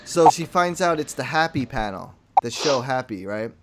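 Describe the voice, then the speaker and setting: A man telling a story in casual chat, animated and profane, acting out what people said. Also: medium pitch, moderate pace, heavy background noise. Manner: animated, profane, acts out quotes.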